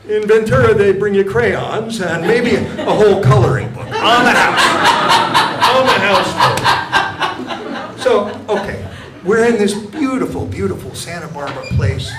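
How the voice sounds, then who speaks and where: Older man telling deadpan stand-up jokes. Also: high-pitched, unhurried. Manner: deadpan, mock-innocent storytelling. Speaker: stand-up comedian. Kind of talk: stand-up comedy. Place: comedy club stage. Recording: echoey club with audience noise.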